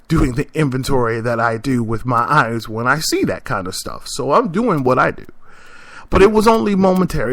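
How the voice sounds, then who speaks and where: Animated man telling a story. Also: mid-range voice, no echo. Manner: animated, emphatic, repeats himself. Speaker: podcast host. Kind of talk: casual storytelling monologue.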